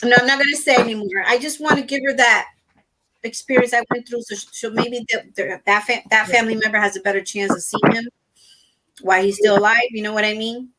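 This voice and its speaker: A middle-aged woman in casual chat on a stream panel, talking softly and haltingly with many fillers. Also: a little high, fairly even intonation, a little hiss or hum, poor audio.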